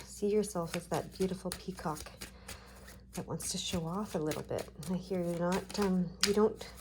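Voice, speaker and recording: A woman giving a tarot card reading, talking gently and reassuringly with frequent check-ins to her viewers. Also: on the low side, normal speed, background noise. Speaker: tarot reader.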